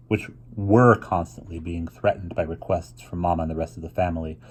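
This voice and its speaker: Deep husky man reading a storybook. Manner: steady, unhurried reading with small restarts. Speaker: reader. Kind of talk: reading a children's novel aloud.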